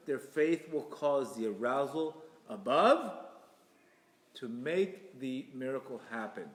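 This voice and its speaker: A man giving an inspirational religious talk, emphatic and repetitive, with sudden loud bursts. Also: medium pitch, animated, slow. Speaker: Torah teacher. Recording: echoey hall reverb.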